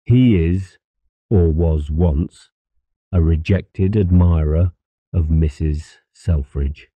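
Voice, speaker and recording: A man's voice: low-pitched, takes it slowly, no echo, muffled recording. A man playing a colonel, a protective husband who speaks savagely and threateningly in an audiobook.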